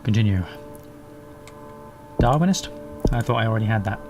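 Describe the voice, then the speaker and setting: A man's voice: fairly low pitch, lively intonation, normal speed, music in the background. A young man casually commenting while he plays a game, rambling, swearing and poking fun at himself. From England. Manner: rambling, sweary, self-mocking. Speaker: gaming YouTuber. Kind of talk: casual let's play commentary. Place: home, English countryside.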